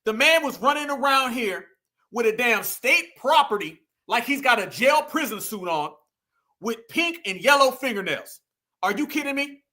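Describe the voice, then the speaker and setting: A man's voice: very high-pitched, lively intonation, moderate pace, bright, forceful tone. A man giving emphatic online commentary, fired up and firing rhetorical questions at his audience.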